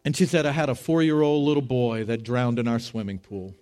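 A middle-aged man preaching as a pastor, telling a story with animated, rising voices for the people in it. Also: brisk. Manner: animated, rising to high excited voices when retelling dialogue. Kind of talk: sermon storytelling.

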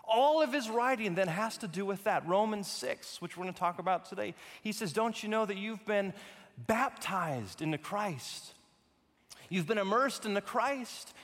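Male pastor, sermon, high voice, emphatic repetition, long church-hall reverb. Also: a bit bright.

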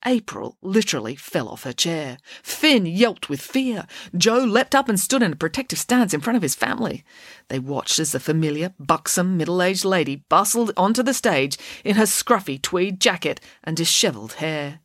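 Lively woman storyteller. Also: on the low side, normal speed, no echo, clean studio sound. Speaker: narrator. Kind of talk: audiobook narration.

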